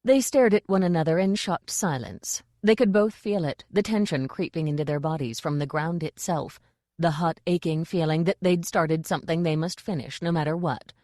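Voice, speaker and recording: A woman reading a comic fantasy audiobook in an even, dry storytelling delivery on a close mic. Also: sits low, normal speed, no room sound. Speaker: audiobook narrator. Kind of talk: scripted audiobook narration.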